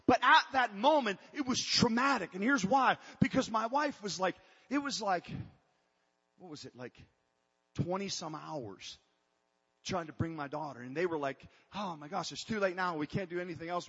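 A man's voice: high voice, fairly bright tone, slightly rough, long reverb tail, dull audio. A man preaching a sermon to his congregation in an emphatic way, breaking off and restarting as he calls out to them. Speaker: pastor.

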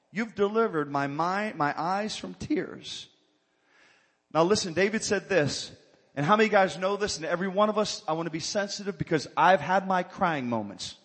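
A man's voice: high voice, normal speed, fairly bright tone, in a large hall. A male pastor preaching a sermon, calling for amens and building to fervent exhortation. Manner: call-and-response preaching, rising to fervent exhortation.

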